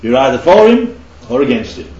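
A man's voice: medium pitch, huge pitch swings, fairly quick, noisy background. A man leading a group Bible study, teaching interactively and keeping the group involved with frequent check-ins. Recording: roomy, slightly dull recording.

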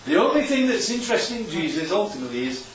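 High, lively preacher in an echoey hall. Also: male voice, fast talker, slight background noise. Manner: constantly checks in with "right?". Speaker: preacher leading a Bible study. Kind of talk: interactive sermon. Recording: echoey room, distant dull mic.

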